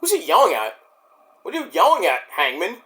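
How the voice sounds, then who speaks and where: A man giving a casual, rambling recap of a show, excitable and profane. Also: sits high, fairly quick. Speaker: wrestling show reviewer.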